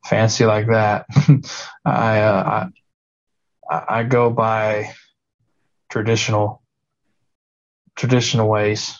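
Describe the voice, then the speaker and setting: Halting man with folksy rustic talk. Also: lowish voice, little pitch movement, highs cut off. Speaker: podcast host in a regression session. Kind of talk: recounting a past-life regression.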